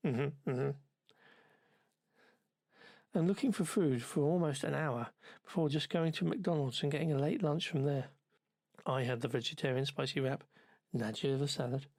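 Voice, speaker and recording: A man narrates a travelogue with dry, sardonic, wordy commentary while recovering from covid. His voice sits a little high for a man, and the recording is tight and dry with no room sound. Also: moderate pace, a little mellow, no echo. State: ill with covid. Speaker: travel vlogger.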